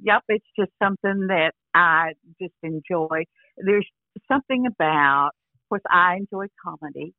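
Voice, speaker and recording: An older actress chatting casually as an interview guest over a phone line, rambling with restarts and frequent "you know". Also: female voice, on the low side, unhurried, no echo. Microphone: phone call.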